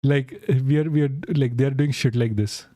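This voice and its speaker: Chatting with his viewers while reacting to a clip on stream, this young man giggles, swears, and laughs mid-sentence. He has a medium-pitched, mellow voice at a moderate pace, recorded dry at studio quality.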